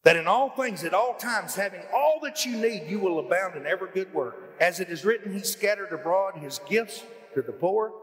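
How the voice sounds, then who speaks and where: Lively high-voiced preacher. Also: male voice, normal speed, few pauses, long reverb tail. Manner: folksy, animated preaching with rising emphatic questions. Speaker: pastor. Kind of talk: sermon. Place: church hall.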